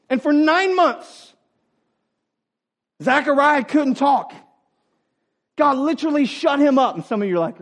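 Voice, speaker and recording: Man, very high voice, pastor giving a sermon, emphatic, repetitive phrasing, loud peaks and quiet asides. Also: animated, measured pace, pauses often. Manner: emphatic, repeats phrases for effect; swings between loud high emphasis and soft low asides. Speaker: coach and parent.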